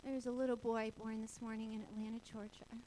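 A woman in her forties shares a personal testimony in a lively, expressive way, acting out quoted voices and laughing along the way. Her voice sits a little high. Faint noise hums behind her. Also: quick pace, rough recording. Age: 40s.

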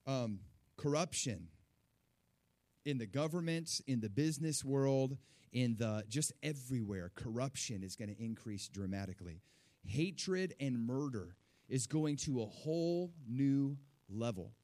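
A middle-aged man preaching a sermon to his church, animated, with rising emphasis and repeated words. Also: mid-range voice, unhurried. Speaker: pastor.

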